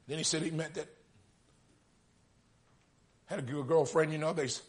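A man preaching, retelling a story in folksy speech and building to fervent, near-shouted peaks. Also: a little high, steady tone, moderate pace. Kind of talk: storytelling sermon.

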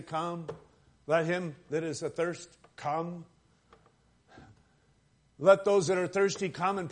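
A man preaching a sermon, with an emphatic delivery that swells and drops as he makes his points. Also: on the high side. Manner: emphatic, rising and falling preaching cadence.

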